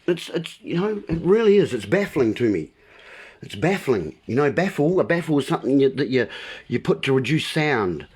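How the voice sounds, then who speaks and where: Husky, impassioned man ranting to camera. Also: medium pitch, big pitch swings, moderate pace, a little mellow. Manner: impassioned, emphatic wordplay ranting. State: frustrated. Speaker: vlogger. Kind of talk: solo monologue to viewers.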